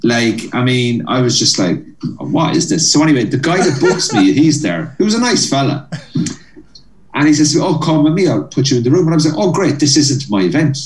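A fairly quick, medium-pitched voice belongs to an Irish comedian guest animatedly recounting a long anecdote, performing the characters and laughing. The recording is low quality, roomy, and distant from the mic.

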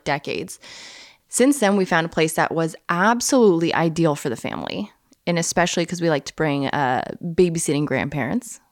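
A woman, co-hosting a podcast in casual chat, talkative and quick to laugh. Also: fairly low pitch, no room sound, studio quality. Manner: chatty, laughs often, explains at length. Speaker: podcast co-host.

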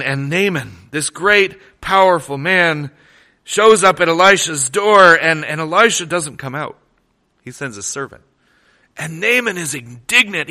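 Bright-voiced man preaching a sermon. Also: medium pitch. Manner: animated storytelling, conversational with restarts. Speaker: pastor.

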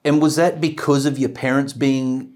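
A man's voice: medium pitch, fairly even intonation, moderate pace, darkish tone. A man hosting a podcast, asking friendly, matey questions in casual chat. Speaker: podcast host.

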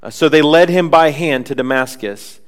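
Animated man preaching a sermon. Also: fairly high pitch, normal speed. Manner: animated, acts out scripture voices, frequent asides. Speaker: pastor.

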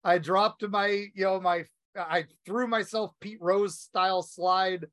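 A man's voice: high voice, fairly even intonation, slow pace, fairly bright tone, dry recording. A man co-hosting a podcast in casual chat, telling stories with lots of ums and you-knows. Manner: rambling storyteller, many ums and you-knows. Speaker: podcast co-host.

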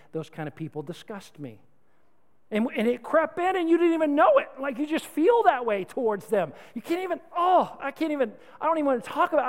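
A man's voice: sits high, long reverb tail. A man preaching a sermon, conversational and humorous, urging his congregation and having them repeat words back to him. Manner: animated, conversational, humorous, exhorting. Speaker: pastor.

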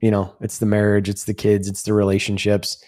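A man with a low voice co-hosts a podcast, talking in a loose, rambling way. He swears casually and speaks as if among friends. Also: monotone, brisk, darkish tone. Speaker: podcast co-host.

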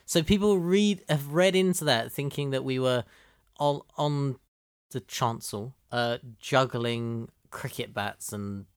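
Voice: medium pitch, slow, clean tone, no echo, clean studio sound. A speaker, co-hosting a casual chat and telling a story in a chatty way, full of fillers.

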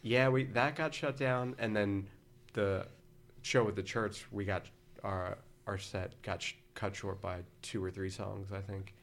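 A man's voice: lowish voice, fairly even intonation, measured pace, creaky, a bit bright. A man in his forties, a guest on a podcast, telling long casual stories in a laid-back, rambling way. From Philadelphia area, United States. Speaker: podcast guest, former band vocalist. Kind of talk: casual storytelling chat.

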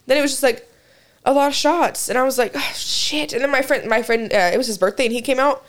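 A woman's voice: sits high, quick pace. A young woman in her twenties, co-hosting a podcast, telling a story with lots of laughs and casual swearing. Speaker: podcast co-host. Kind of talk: casual chat.

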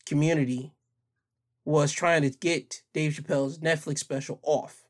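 Young male vlogger, opinion commentary, emphatic, repeats for stress. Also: a little high.

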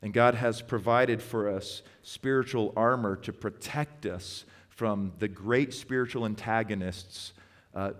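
A male pastor tells his sermon like a story, slowing way down to stress key words. His fairly low voice carries the long reverb of a church sanctuary.

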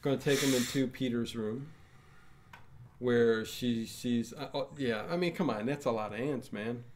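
Male co-host, mid-pitched, hesitant, restarts his sentences, casual commentary. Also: noisy background. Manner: halting, stumbling restarts, musing. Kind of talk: casual movie commentary chat.

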